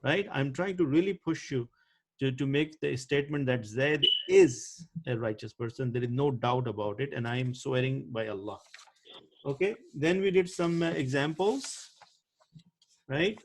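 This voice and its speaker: A man's voice: mid-range voice, lively intonation, moderate pace, a little mellow. A man teaching Arabic grammar in an online class, explaining patiently and often checking if students follow.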